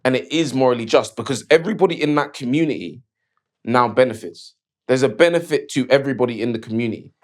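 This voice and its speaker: A man's voice: mid-range voice, fast. A man with a mid-range voice co-hosts a casual debate. He defends his position in a loose, slangy way, full of easygoing fillers. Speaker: co-host.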